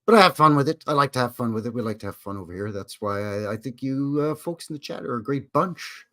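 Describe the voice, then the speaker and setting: A man's voice: mid-range voice, lively intonation, fast, a bit bright. Chatty Canadian man hosting a stream. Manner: chatty, jokey, self-deprecating, lots of restarts. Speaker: live-stream host. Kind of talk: casual live-stream chat.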